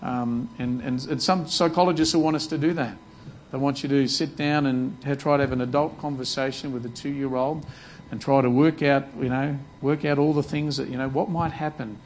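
A man's voice: mid-range voice, fairly even intonation, moderate pace, slight background noise, poor audio. A man preaching a sermon earnestly, often repeating words as he restarts his sentences. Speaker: pastor.

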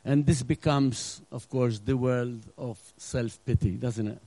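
Male pastor, middle-aged, warm mellow tone, dry close sound, earnest sermon delivery. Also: medium pitch, fairly even intonation, slow, no echo, rough recording. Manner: earnest preaching with acted-out asides, drops to a hush.

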